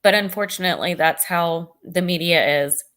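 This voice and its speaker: Earnest woman hosting a livestream, low voice. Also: normal speed, a bit bright. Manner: earnest, reads chat comments aloud. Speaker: livestream host. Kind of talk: casual livestream chat.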